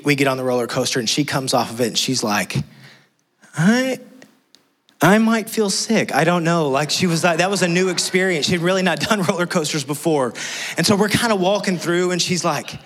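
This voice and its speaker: A middle-aged male pastor preaches with a slightly high-set voice. He tells his story with animation and acts out the people in it. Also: a little fast, fairly bright tone. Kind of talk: sermon with personal storytelling.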